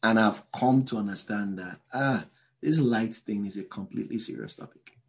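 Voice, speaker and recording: A man's voice: lowish voice, moderate pace. A man preaching a sermon to a live congregation in a church. He talks in a loose, conversational way, drops in many asides and asks the listeners questions directly. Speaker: pastor.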